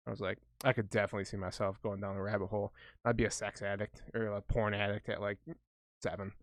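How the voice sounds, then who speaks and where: A man co-hosting a podcast in casual chat, rambling and jokey with plenty of swearing, whose voice he calls high for a big guy. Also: little pitch movement, quick pace, dry recording, studio quality. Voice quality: high voice for a big man, says smoking affected it. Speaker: podcast co-host.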